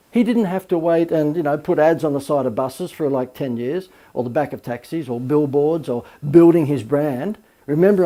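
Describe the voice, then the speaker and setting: A man, a marketing coach, giving a recorded course lecture full of lively anecdotes and emphatic asides. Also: medium pitch.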